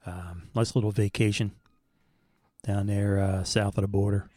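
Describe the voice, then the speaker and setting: A man casually reviewing food in a home vlog, enthusiastic and animated. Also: on the low side, measured pace, no echo, studio quality. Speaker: vlogger. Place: bedroom at home.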